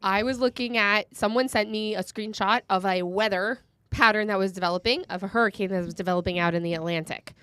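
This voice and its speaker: A middle-aged woman co-hosting a casual political chat in a studio, animated and emphatic, quick to laugh, her voice a little rough. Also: mid-range voice, no room sound. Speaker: podcast co-host.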